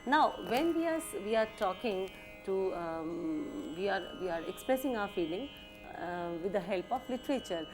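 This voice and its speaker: A woman with an Indian accent giving a music lecture, halting and full of fillers, sometimes switching into Hindi phrases. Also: mid-range voice, lively intonation. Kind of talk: educational lecture.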